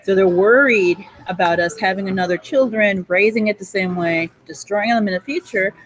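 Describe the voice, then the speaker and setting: A woman in a cafe giving a rambling, profane monologue that jumps between topics and breaks into high bursts of laughter. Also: moderate pace, slight background noise, low-quality recording.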